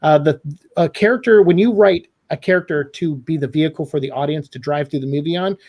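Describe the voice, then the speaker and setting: Opinionated man, fairly high voice. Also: a little fast. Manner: animated, opinionated, critical. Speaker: guest critic. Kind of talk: casual podcast discussion.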